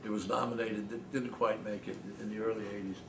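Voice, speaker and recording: An older man telling anecdotes to an audience in a small cafe, animated and often laughing, mimicking other people's voices. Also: lowish voice, fast talker, vocal fry. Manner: animated, laughing storyteller, mimics his father's voice. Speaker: author giving a talk. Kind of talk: anecdotal storytelling talk. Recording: roomy, distant mic, noisy.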